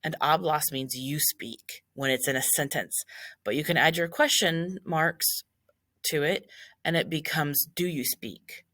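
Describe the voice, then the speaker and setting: A woman Spanish teacher talking through class notes step by step in a relaxed, casual way, with frequent fillers. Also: deep voice, measured pace, no room sound, studio quality. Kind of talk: recorded class notes walkthrough.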